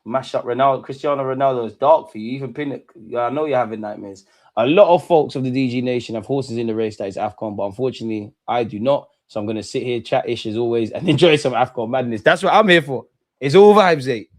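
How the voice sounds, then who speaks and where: A young man hosts a live football watch-along, at an ordinary pitch for a man. His talk is loose and full of slang, and it jumps into excited bursts. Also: quick pace.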